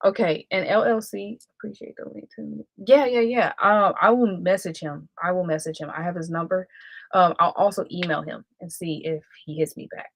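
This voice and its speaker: She's hosting a live stream, talking casually, drifting between thoughts and fixing her wording as she goes. Her pitch is fairly low with some vocal fry, her speed is normal, and there's no room sound.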